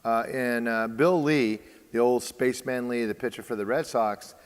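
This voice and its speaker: A man's voice: mid-range voice, steady tone, normal speed, clear, resonant tone. Storytelling man in a reverberant hall. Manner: storytelling, acts out quoted dialogue, many fillers. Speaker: baseball training host. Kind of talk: casual podcast conversation.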